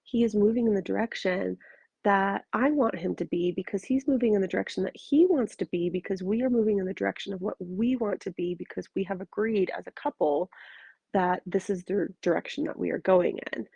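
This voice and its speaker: A woman with a brisk, creaky, mid-range voice that's warm but slightly rough hosts a solo podcast from her bedroom, curled up in bed. A relationship coach, she's tired yet frank and emphatic, swearing freely in casual talk. The audio is dull, with no room sound.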